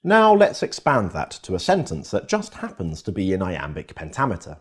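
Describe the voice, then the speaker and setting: A man's voice: sits low, wildly swooping pitch, moderate pace, slightly rough. A man giving scripted educational narration, explaining with quoted examples.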